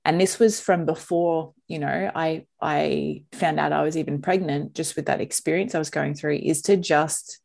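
A woman podcast host with a notably deep voice talks frankly and openly. Her delivery is emotional and unfiltered, with casual swearing mixed in. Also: steady tone, normal speed, vocal fry, few pauses, darkish tone. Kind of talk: candid podcast conversation.

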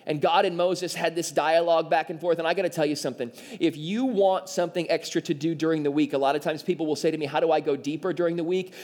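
A male pastor delivering a sermon with a fairly high voice. He talks in an animated way and slips into playful voices for the figures in his story. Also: fast talker, hardly any pauses. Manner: animated, acts out quoted voices.

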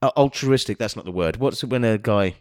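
A man's voice: lowish voice, brisk, no room sound. A man co-hosting a casual comedic chat, mocking and sweary in a dry way. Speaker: podcast co-host.

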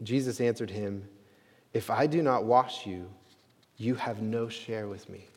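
A man preaches in an earnest, conversational way, his voice sitting at a middle pitch. He keeps a loose, unscripted flow with plenty of fillers. His voice hangs in the long reverb of a church sanctuary. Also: a little mellow. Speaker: pastor. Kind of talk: sermon.

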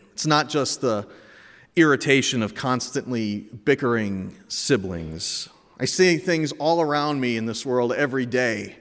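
Man, thirties, candid storyteller, mid-pitched voice, echoey hall. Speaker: speaker. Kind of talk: personal reflective talk.

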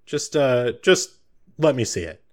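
A man's voice: medium pitch, very animated, measured pace. A man voicing a stern male guard captain giving commands.

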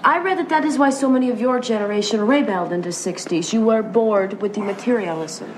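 A woman's voice: mid-range voice, brisk, slight background noise, lightly acted, low-quality recording. An actress playing a young female Polish exchange student in a TV show, with a put-on Eastern European accent and a stuffy, formal delivery. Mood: earnest. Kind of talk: 1980s TV sitcom acting.

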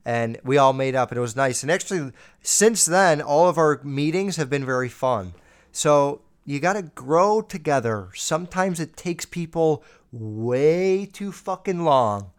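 Young male podcast host, early twenties, smooth voice, a bit high, casual rambling with lots of swearing. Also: expressive, a little slow. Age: 20s. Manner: rambling, heavy swearing, heats up when retelling arguments. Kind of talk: casual solo podcast storytelling.

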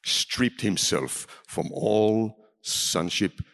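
A man preaching a sermon in a large hall, dramatic, swinging from loud calls down to near whispers. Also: lowish voice, extremely slow. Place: large hall with a seated audience. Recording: reverberant hall.

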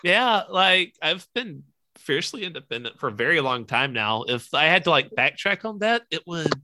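A young man chatting casually on a podcast, playful and quick to laugh. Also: a little high, big pitch swings, sharp tone, no echo. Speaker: podcast co-host. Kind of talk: casual chat.

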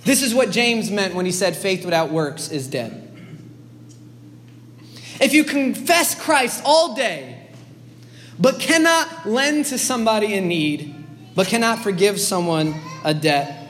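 High-voiced man preaching in a reverberant hall. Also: lively intonation, slow pace, long pauses, fairly bright tone. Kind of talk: sermon. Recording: long hall reverb, faint background noise.

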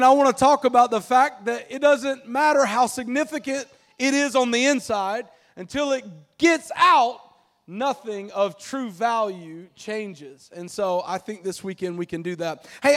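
Male pastor, high-pitched, lively sermon delivery, joking with the congregation. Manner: lively, jokey, rallies congregation to repeat phrases. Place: church auditorium with congregation.

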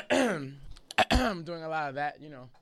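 A woman's voice: low-pitched, big pitch swings, takes it slowly, no room sound. A woman, hosting a casual radio chat show with loose, joking, profane talk and slightly congested sinuses. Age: 20s. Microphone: studio mic.

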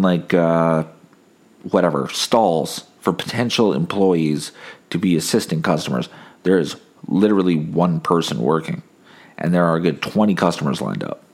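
A man's voice: deep voice, darkish tone. A sick young man hosting a casual solo podcast, telling wry, rambling stories while holding back coughs. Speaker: podcast host.

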